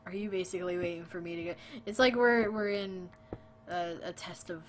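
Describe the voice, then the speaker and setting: A woman's voice: lowish voice, steady tone, brisk, background noise. A woman streaming a game late at night, tired and chatty, talking to her viewers and her dog. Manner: sleepy, chatty, talks to chat and her dog. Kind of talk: casual gaming stream chat.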